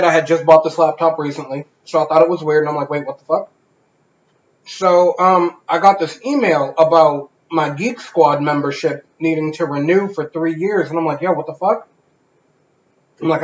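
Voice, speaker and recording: A man co-hosting a casual podcast, telling a story and swearing freely. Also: a little high. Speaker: podcast co-host. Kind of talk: casual chat. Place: home garage. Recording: echoey garage, dull lo-fi sound.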